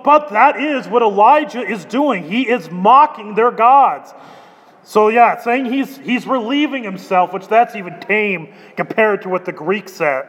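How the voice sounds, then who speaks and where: A man's voice: high voice, fairly bright tone. A man preaching a sermon, reading scripture and adding explanatory asides with wry sarcasm. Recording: long reverb in a large hall.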